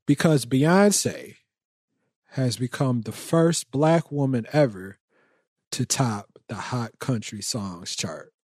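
A man's voice: mid-range voice, expressive, slow, darkish tone, husky, no echo, studio quality. A man hosting a podcast in casual chat, teasing his co-hosts with lots of slang. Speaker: podcast host.

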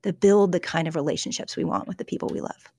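Middle-aged woman, guest author, earnest storyteller, lowish gravelly voice, dry close sound. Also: mellow, no room sound. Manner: earnest, storytelling, halting restarts. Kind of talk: conversational interview about faith and emotions.

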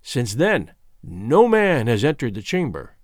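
A man's voice: medium pitch, huge pitch swings, measured pace, no echo, clean studio sound, pitched below the performer's own voice. A man reading an audiobook, voicing a solemn African king who speaks in stately, archaic phrases. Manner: archaic, stately storytelling speech.

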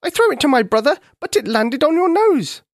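A man voicing small chattering monkeys in a children's storybook, with a squeaky, high voice. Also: very animated, brisk, dry recording, studio quality, heavily acted. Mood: pleading.

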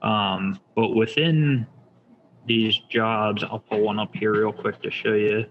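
Guy with a low flat voice going thru his shop software, lots of you know and um, kinda lo-fi sound. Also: takes it slowly, noisy background. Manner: relaxed, explaining step by step with many fillers. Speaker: shop owner demonstrating software. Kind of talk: casual screen-share demo.

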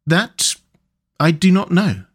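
Man doing a dreamy, soft-spoken water rat. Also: high voice, big pitch swings, slow pace, slightly rough, voice pushed up, exaggerated voice. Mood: hushed wonder. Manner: soft, wistful, languid.

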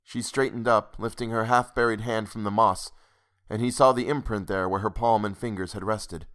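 Casting: male storyteller, measured pace, reading a period ghost tale aloud. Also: lowish voice, fairly even intonation, fairly bright tone. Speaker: narrator. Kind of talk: scripted storybook narration.

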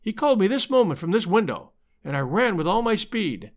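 Reading aloud, a man voices a passionate young Italian wife who talks in exclamations and broken English with an Italian accent. His delivery is high-pitched, sing-song, and excited.

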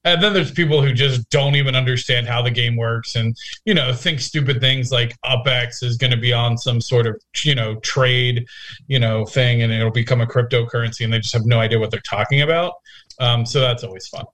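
A man's voice: mid-range voice, fairly even intonation, a little fast, a bit bright. Joking man co-hosting a podcast. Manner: joking, teasing, laughs often. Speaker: podcast co-host. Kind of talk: casual chat.

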